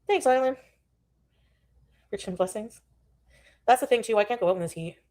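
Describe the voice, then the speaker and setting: A woman's voice: fairly high pitch, normal speed, a little mellow. A woman on a live stream, chatting loosely and greeting viewers as she rambles between topics. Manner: rambling, greets chat often. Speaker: livestreamer. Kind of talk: casual live stream chat.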